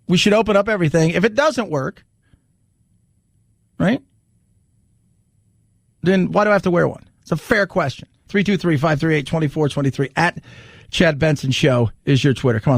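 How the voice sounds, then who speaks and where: A man's voice: a little high, moderate pace, gravelly, pauses often, dry recording, studio quality. A man hosting a talk radio show, riffing animatedly in casual commentary and repeating lines for emphasis.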